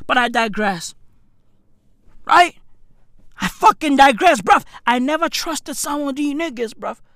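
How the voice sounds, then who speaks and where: Young woman, high lively voice, bright tone, slow drawl, crude comic storytelling. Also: dry recording, clean studio sound. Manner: swings between high squeals and low mutters, lots of slang.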